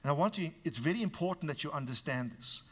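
A man preaching a sermon with a bright, sharp tone and a voice pitched a little above most men. He talks frankly to his congregation and teases them now and then. He drops into low asides, then climbs to loud, emphatic lines. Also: animated, quick pace. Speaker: pastor.

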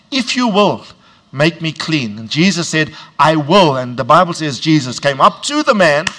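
A man delivers a sermon in a fairly high voice with a slow, deliberate, drawn-out cadence. He leads the congregation in call-and-response and builds to shouted emphasis on key words.

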